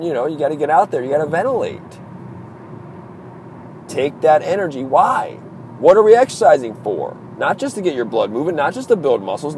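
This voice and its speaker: A man's voice: a little high, darkish tone, a little hiss or hum. Intense East Coast man, motivational host. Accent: East Coast American. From Maryland, US East Coast. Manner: intense, driven, emphatic repetition. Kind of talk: motivational monologue. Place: in a car in traffic.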